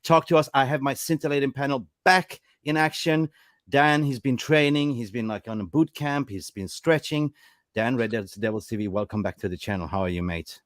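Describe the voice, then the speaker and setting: A man's voice: mid-range voice, fairly quick, no echo, clean studio sound. A man hosting a live football show, upbeat and introducing his panel. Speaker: host.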